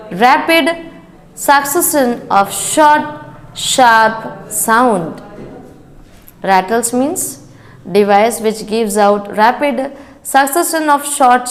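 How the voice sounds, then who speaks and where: Woman teacher for a children's reading lesson, very slow and deliberate, pauses to explain words. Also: on the high side, animated. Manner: rereads lines and explains word meanings; chants sound words in a sing-song rhythm. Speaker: school teacher. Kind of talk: reading a story lesson aloud to young children.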